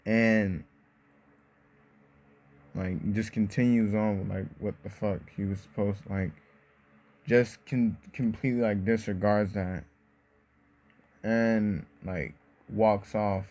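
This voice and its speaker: A man casually retelling a fan-made story, rambling loosely with fillers and curses. His voice sits low and he talks slowly, dragging out his words. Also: steady tone, a little mellow. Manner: rambling, full of fillers and swearing.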